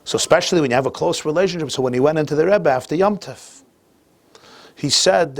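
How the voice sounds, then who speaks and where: A man teaching a class as a rabbi, telling a story sprinkled with Yiddish and Hebrew phrases and swinging between quiet asides and loud emphatic bursts. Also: fairly high pitch, quick pace, gravelly, no echo.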